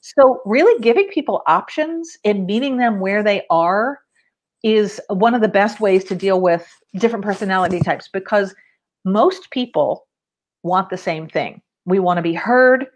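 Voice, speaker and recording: A woman's voice: medium pitch, expressive, moderate pace. A woman guest on a podcast, a professional organizer and coach, speaking in an upbeat, candid, motivational way. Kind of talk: casual interview.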